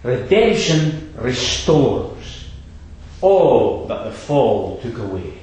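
In a church hall thick with echo, a man with a mid-range voice preaches at an unhurried pace. His delivery is lively and emphatic, rising and falling, and he drops brief rhetorical asides to his audience.

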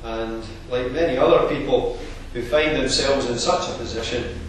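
A man preaching a sermon in a measured, earnest expository manner. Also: mid-range voice, slight background noise. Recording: very echoey, distant room recording.

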